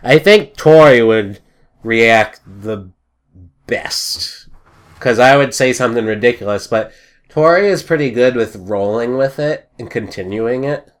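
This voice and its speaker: A young man chatting casually on a podcast, rambling and joking, and acting out little shouted scenes. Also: medium pitch, a little slow. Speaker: podcast host. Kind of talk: casual chat.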